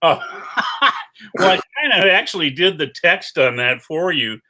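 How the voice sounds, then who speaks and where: A man chatting as a guest artist, animated and self-deprecating in casual conversation. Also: fairly high pitch, unhurried. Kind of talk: casual chat.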